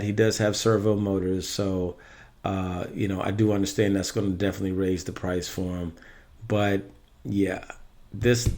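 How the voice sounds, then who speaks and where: A man casually giving his opinions on Halloween animatronics in a rambling vlog, correcting himself as he goes. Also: lowish voice. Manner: chatty, rambling with self-corrections. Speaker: Halloween prop reviewer.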